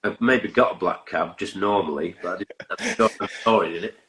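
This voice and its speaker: A man talks as a guest in a low voice. He is relaxed and easygoing, with a dry sense of humour. His chat is loose and conversational. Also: brisk, low-quality recording. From England, Stockport and York. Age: 50s. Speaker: musician guest. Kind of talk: casual interview chat.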